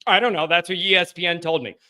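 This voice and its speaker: A man hosting a live postgame call-in show, talking in a loose, excitable, chatty way with plenty of fillers and restarts. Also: sits high, fast talker. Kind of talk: casual live-stream chat.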